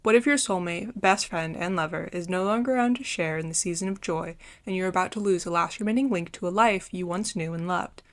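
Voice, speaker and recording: A woman's voice: on the low side, quick pace, few pauses. A woman giving a casual book review, retelling the story in an earnest, heartfelt way.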